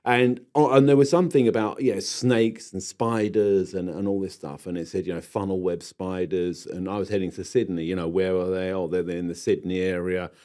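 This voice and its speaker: A man from England co-hosting a gardening podcast, telling animated anecdotes with many halting restarts. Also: low voice. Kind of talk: casual chat, anecdotal storytelling.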